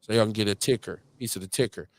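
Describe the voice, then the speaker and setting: Man in his forties w milwaukee accent hosting, animated, slangy shout-outs, dry close mic. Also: fairly low pitch, fast talker, creaky, dry recording. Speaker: host. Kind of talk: live show casual chat.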